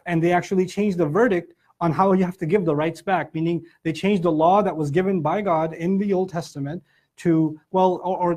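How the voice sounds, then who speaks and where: A middle-aged man giving a Quran commentary lecture, telling stories and acting out the people he quotes. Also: sits high. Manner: animated storytelling, acts out quotes. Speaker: Islamic lecturer.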